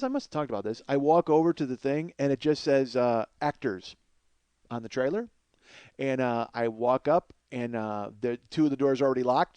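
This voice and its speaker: A man telling a comic story as a podcast host, in a profane, excitable way and laughing through the story. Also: mid-range voice, clear, resonant tone, no room sound.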